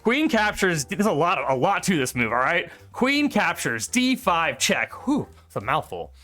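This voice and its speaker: Bright animated guy going over his chess game, jokey, swears a lot. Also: a little high, normal speed, soft background music. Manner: joking, laughs often, swears. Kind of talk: casual chat while replaying moves. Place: streaming setup.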